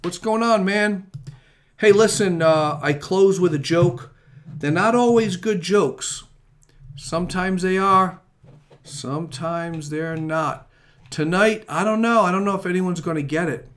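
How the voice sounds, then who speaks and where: A man's voice: high-pitched, measured pace, fairly bright tone. A middle-aged man hosting a casual talk show, rambling and joking as he signs off. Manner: rambling, chatty, jokey. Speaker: host.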